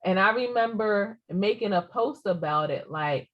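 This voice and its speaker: Animated mother chatting, lo-fi sound. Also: medium pitch, unhurried, few pauses. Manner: animated, laughs often, playful mock threats. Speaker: podcast co-host, mother. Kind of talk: casual chat. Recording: slightly dull lo-fi audio.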